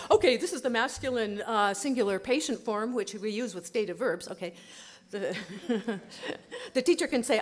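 A woman linguist giving a lively conference talk, often checking in with her audience. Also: on the high side. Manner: lively, animated teaching with many "okay?" check-ins. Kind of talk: lecture at a language conference. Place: conference hall.

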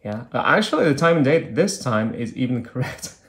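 A man's voice: mid-range voice, big pitch swings, brisk, a bit bright. A man reviewing an old phone, talking casually and thinking aloud with hesitant fillers as he clicks through menus. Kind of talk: casual hands-on product demo.

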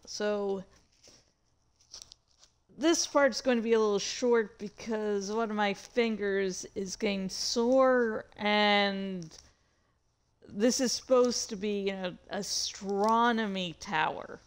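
A woman's voice: mid-range voice, clear, resonant tone. A woman hosting her own gameplay video, chatting casually and poking fun at herself as she plays. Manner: chatty, self-deprecating, slow and halting. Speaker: gaming channel host.

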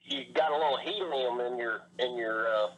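A man's voice: mid-range voice, moderate pace, over a noisy crowd. A man calling on the phone, talking plainly and hesitantly with many fillers. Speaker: caller. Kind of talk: phone call. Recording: phone line with faint noise.

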